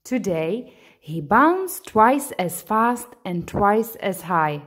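A woman narrating a bedtime story in a gentle, expressive read-aloud manner. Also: medium pitch, slow.

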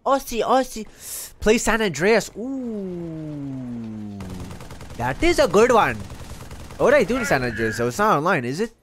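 A man with a high voice that swings all over the place, hosting a live game stream. He talks to his viewers in an excitable rush, swearing constantly and breaking into silly chants. A faint hiss sits under his voice. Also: fairly quick. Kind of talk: casual live gaming commentary.

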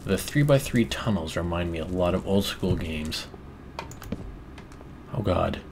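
A man with a scratchy voice giving excitable let's play commentary, swearing often and bursting into exclamations. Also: deep voice, unhurried, creaky. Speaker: gamer commentator.

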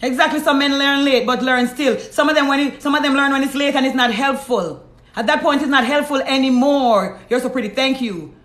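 Jamaican woman host, blunt live-stream advice, slightly high voice, echoey room. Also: fairly even intonation, brisk, fairly bright tone. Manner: blunt, preachy, reads out viewer comments. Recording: roomy echo.

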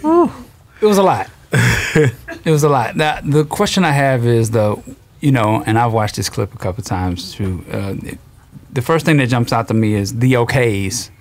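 A man's voice: mid-range voice, animated, moderate pace. A man co-hosting a reaction show, thinking aloud reflectively in casual discussion.

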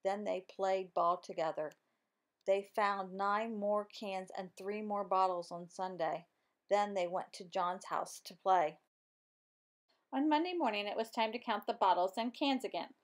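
A woman reading a children's storybook aloud in an expressive, animated way. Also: medium pitch, a little slow. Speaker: storybook reader. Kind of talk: children's book read aloud.

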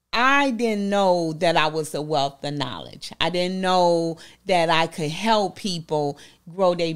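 Southern lady shop owner chatting on a show, lowish voice, folksy, lots of "you know". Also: clear, resonant tone. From Southern United States. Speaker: boutique owner and guest. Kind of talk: casual interview chat.

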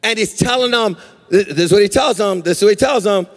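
A male pastor preaching a sermon in a sing-song cadence that swells into shouts, acting out quotes as he goes. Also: high voice, quick pace. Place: church sanctuary. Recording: reverberant church hall.

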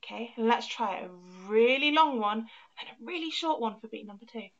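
A woman's voice: a little high, fairly quick, muffled recording. A woman teaching an online music class for young children, counting beats aloud and encouraging them.

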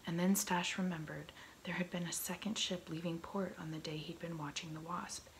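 A woman reading a novel aloud in soft, slow whispered role-play, close to an ASMR microphone. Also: lowish voice, level tone, low-quality recording. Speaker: ASMR reader. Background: faint heater hum.

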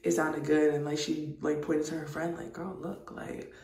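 A woman vlogger chatting casually to camera in an animated, profane way. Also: deep voice, moderate pace, creaky. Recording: roomy, distant mic.

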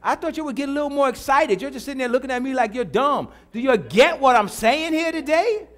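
A man's voice: extremely high pitch, animated, brisk. A middle-aged man preaching a sermon in church, repeating his lines and calling out to the congregation. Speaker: pastor.

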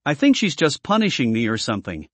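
A man's voice: mid-range voice, wildly swooping pitch, fast, a bit bright, no echo. A man voicing a nervous, earnest teenage boy who wants to be a hero, defensive and flustered.

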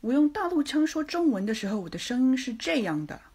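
A woman speaks in a soft, hushed voice. It is slightly high and breathy. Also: sing-song, fast.

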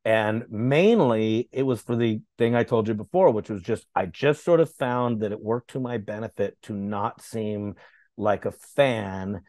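A man telling animated stories in a casual chat, swearing as he goes and slipping into other people's voices. The sound is dry and close, with no room echo. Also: lowish voice, measured pace. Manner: animated, profane, acts out voices. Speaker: podcast guest. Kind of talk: casual storytelling.

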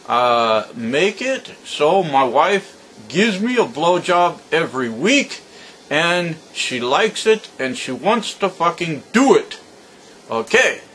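An ordinary man asking a genie for his wish, voiced by an old joke-teller. He talks slowly and deliberately, drawing out each request. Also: fairly high pitch, very animated, fairly bright tone, a little hiss or hum, pitched above the performer's own voice, exaggerated voice. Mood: pleading.

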